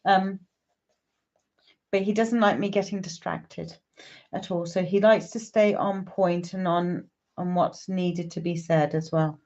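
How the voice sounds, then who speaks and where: A woman's voice: fairly low pitch, steady tone, unhurried, darkish tone, muffled recording. A woman, a psychic medium, chatting on a live stream and greeting viewers by name.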